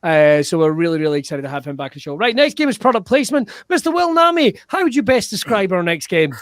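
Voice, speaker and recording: A man hosting a live online comedy show over a video call, giggly and excitable, swearing playfully. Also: sits high, quick pace, dry recording, studio quality. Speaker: host.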